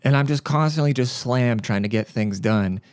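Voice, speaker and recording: A man's voice: mid-range voice, moderate pace, dry recording. A man hosting a podcast, telling stories in a blunt, profane, casual rant. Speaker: podcast host.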